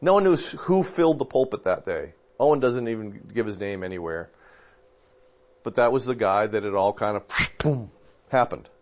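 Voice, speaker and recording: Low-voiced relaxed pastor talking theology. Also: male voice, moderate pace. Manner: relaxed, rambling, with fillers and self-corrections. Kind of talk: casual theological discussion.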